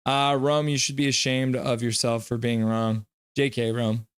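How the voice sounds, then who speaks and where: A man's voice: mid-range voice, level tone, normal speed, clear, resonant tone, no room sound. Rambling man hosting a live stream. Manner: rambling, reads chat messages aloud. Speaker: livestream host. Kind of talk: casual chat and play-by-play commentary.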